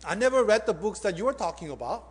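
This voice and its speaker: A man's voice: sits high, expressive, fast, husky, voice pushed up. A male preacher voicing a humble elderly man who earnestly puts a simple, pointed question to a learned professor.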